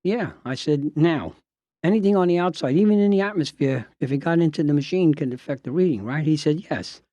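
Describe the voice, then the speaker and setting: An older man tells a story from a trial he fought, acting out his own pointed questions and the witnesses' fumbling answers. His voice sits a little high yet sounds warm and dark. The recording is close and dry, with no room sound. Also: a little fast, no room sound, highs cut off. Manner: acts out both sides of a cross-examination, sarcastic asides. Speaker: defense lawyer recounting a trial. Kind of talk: anecdotal storytelling, reenacting dialogue.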